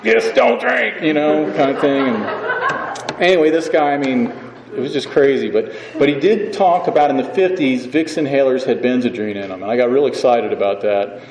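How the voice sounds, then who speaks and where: A man's voice: medium pitch, moderate pace, a crowd in the background. A man speaking at a recovery meeting, telling his story in a rambling, self-mocking way and often asking "you know what I mean". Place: meeting hall. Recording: echoey hall with background noise.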